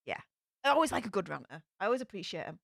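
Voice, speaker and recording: A woman's voice: medium pitch, very animated, rapid-fire, vocal fry, dry recording, clean studio sound. A woman with a Yorkshire accent hosting a livestream, chatting casually and reading viewer comments aloud in an upbeat, chatty way. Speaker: livestream host.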